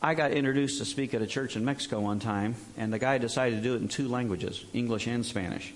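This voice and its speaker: A middle-aged pastor preaches in a plain, conversational style, cracking jokes and sometimes mimicking others in exaggerated bursts. His voice is mid-range and his delivery fast.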